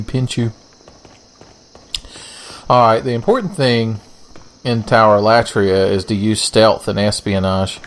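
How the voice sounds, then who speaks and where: A man's voice: on the low side, slight background noise. A young man giving casual, profane, joking let's-play commentary as he plays a game. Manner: profane, joking, rambling asides. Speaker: gaming channel host.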